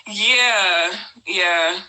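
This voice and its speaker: A woman from New Jersey hosting a live stream, telling a story in a casual, animated way, laughing often and talking in slang. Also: mid-range voice, extremely slow, rough recording. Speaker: host.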